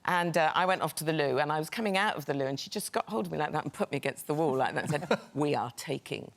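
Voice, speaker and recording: A man's voice: on the high side, very fast, gravelly, fairly bright tone. A man, a chat show guest, telling a story jovially, laughing as he goes.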